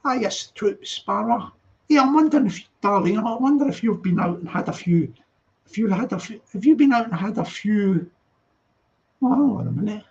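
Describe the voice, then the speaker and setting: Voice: medium pitch, expressive, normal speed, gravelly, a little mellow, lo-fi sound. A live stream host, rambling and chatty while reading viewer comments late at night, laughing often.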